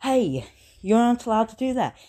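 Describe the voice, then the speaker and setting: A woman voicing a loud, showy male teacher who announces and shouts orders to students. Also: fairly high pitch, big pitch swings, normal speed, pitched above the performer's own voice. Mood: exclaiming.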